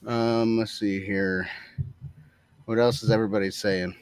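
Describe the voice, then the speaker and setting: A man's voice: fairly low pitch, fairly even intonation, smooth, no echo. Man chatting casually, dry close sound. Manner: halting, stumbles over names, reads comments aloud. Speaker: podcast co-host. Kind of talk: casual live-stream chat.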